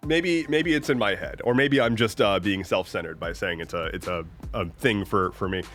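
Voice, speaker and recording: A young man with a deep voice, getting over an illness, chatting casually as a livestream host and reading out viewer comments, rambling with many restarts and fillers. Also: normal speed, fairly bright tone, soft background music. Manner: rambling, self-interrupting, lots of "like" and restarts.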